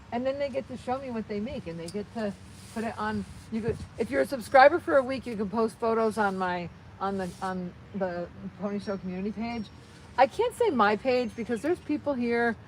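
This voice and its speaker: A woman's voice: medium pitch, slight background noise, low-quality recording. A woman hosting a live crafting session, chatting cheerfully to viewers as she works and often repeating herself. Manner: cheerful, rambling, repeats phrases, talks to viewers while working.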